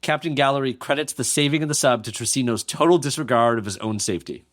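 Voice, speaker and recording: A man's voice: mid-range voice, fast talker, fairly bright tone. Podcast guy narrating a war story, jokes on the side, plain middle voice. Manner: joking asides while narrating. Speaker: podcast co-host. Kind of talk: casual history storytelling.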